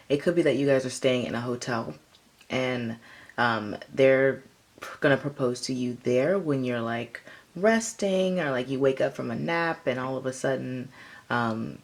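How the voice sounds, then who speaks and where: A woman's voice: a bass voice, creaky. A woman giving a casual tarot reading, rambling with lots of fillers. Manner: rambling, filler-heavy, chatty. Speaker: tarot reader.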